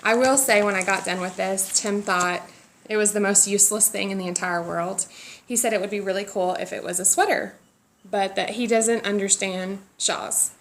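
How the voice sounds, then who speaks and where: A chatty woman rambles casually through her podcast, teasing herself as she goes. Her voice has a gravelly fry, sitting in a middle pitch. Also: fairly even intonation, normal speed, a bit bright, a little hiss or hum. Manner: chatty and rambling, self-deprecating. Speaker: knitting podcast host. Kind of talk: casual chat. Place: sitting outdoors by a road.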